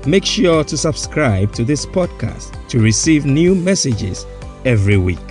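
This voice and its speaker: A man giving a calm, scripted sign-off at the end of a sermon podcast. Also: medium pitch, unhurried. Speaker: podcast host. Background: faint music.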